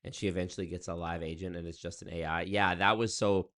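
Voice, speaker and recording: Deep-voiced man streaming casually. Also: steady tone, quick pace, fairly bright tone. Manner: loose, rambling, profane. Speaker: streamer reacting to chat. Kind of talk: casual livestream chat.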